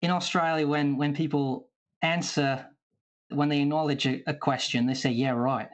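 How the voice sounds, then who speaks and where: A Welsh man co-hosting a casual livestream chat, explaining things in a relaxed way. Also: on the high side, moderate pace. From Wales. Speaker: podcast co-host.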